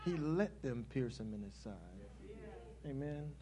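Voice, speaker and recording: A man preaching a sermon in an emphatic, repetitive call-and-response style, building in intensity and then softening. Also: medium pitch, lively intonation, unhurried.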